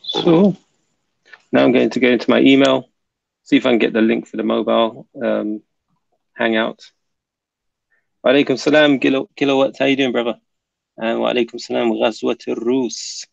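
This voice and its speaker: Gravelly man hosting a casual livestream. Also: medium pitch, fairly even intonation, normal speed, pauses often, no room sound. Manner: chatty, mutters while setting up links. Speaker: livestream host. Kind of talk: casual livestream chat reading comments. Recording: dull lo-fi dry sound.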